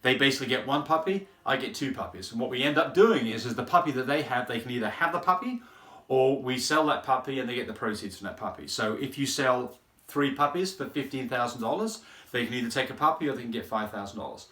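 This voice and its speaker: A man's voice: medium pitch, animated, fast talker, bright, forceful tone. A man who breeds French Bulldogs, explaining things in a casual, rambling way and often repeating words as he thinks. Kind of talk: casual explanatory talk to camera. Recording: roomy echo.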